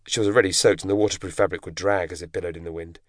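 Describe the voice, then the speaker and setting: A man narrating an audiobook in a measured, dramatic storytelling manner. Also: deep voice, fairly even intonation, no room sound. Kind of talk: scripted narration. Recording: dry close studio recording.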